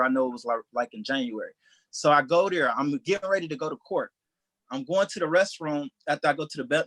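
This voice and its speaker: Guy telling a wild story real quick, kinda high voice, dry sound. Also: no echo. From Detroit, USA. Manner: animated, acts out quoted voices. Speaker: stand-up comedian. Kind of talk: storytelling anecdote.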